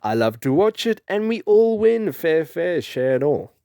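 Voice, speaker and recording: A young man from Africa, telling a rambling, animated story and laughing often. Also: a little high, a little slow, creaky, smooth, no room sound, clean studio sound. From South Africa. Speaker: vlogger. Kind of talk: casual storytelling.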